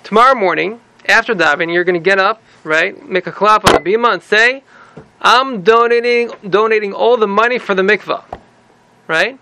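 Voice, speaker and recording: A man's voice: sits high, normal speed, sharp tone, a little hiss or hum. A man playing a scheming, self-satisfied rabbi who rambles and speaks in a confiding way. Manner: rambling, confiding, pleased with himself. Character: scheming, self-important older male rabbi.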